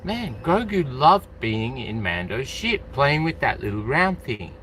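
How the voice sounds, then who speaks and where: A man's voice: mid-range voice, very animated, measured pace, sharp tone, a little hiss or hum. A man from Australia chatting casually on a live stream, rambling and calling out to viewers by name.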